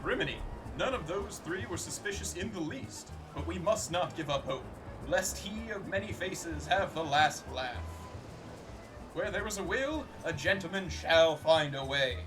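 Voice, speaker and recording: A man doing a pompous gentleman inspector. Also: fairly high pitch, expressive, unhurried, poor audio. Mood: grandiose. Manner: grandiose, formal and theatrical. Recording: music playing underneath.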